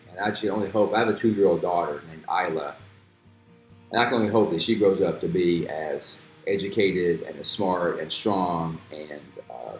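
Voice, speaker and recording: A man with a low voice and vocal fry interviews a young woman in a casual, friendly, rambling manner, filling his speech with fillers. The room echoes noticeably, and faint music plays in the background.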